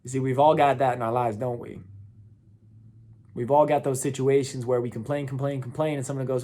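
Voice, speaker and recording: A man's voice: mid-range voice, little pitch movement, a little fast, mellow. A man in his thirties, hosting a motivational talk and telling a story, earnest, with small voice shifts when he quotes people. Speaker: motivational speaker.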